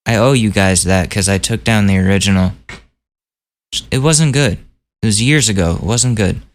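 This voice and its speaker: A podcast host with a fairly low voice talks through the news in a loose, casual monologue. He rants and cracks jokes, swearing freely as he goes. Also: normal speed. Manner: ranting, profane, jokey.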